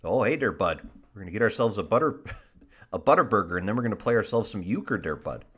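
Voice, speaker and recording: A man's voice: lowish voice, expressive, fast talker, fairly bright tone, husky. A man putting on an exaggerated Wisconsin accent, playing a folksy Midwestern guy who drawls out his catchphrases. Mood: jokey folksy. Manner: drawling "there, bud" catchphrases.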